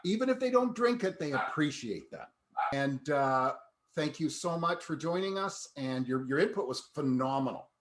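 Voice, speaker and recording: A man hosting a podcast, reflecting in a relaxed conversational way. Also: a little high, normal speed, noisy background. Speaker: podcast host. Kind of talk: casual podcast talk.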